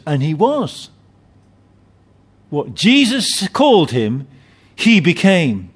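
A man's voice: fairly high pitch, huge pitch swings, slow pace, pauses often, breathy edge. Man preaching a sermon, swoops up and down a lot, keeps restarting words. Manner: emphatic, repeats and restarts phrases.

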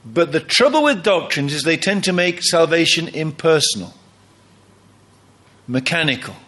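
Animated male preacher, lively pitch. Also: normal speed. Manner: animated, emphatic preaching with quoted dialogue. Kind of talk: sermon.

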